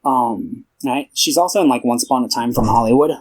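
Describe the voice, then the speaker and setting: A man's voice: medium pitch, a little fast, rough recording. Young man rambling through a plot recap. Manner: rambling plot recap, acting out characters' lines. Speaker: podcast co-host. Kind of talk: casual film podcast chat.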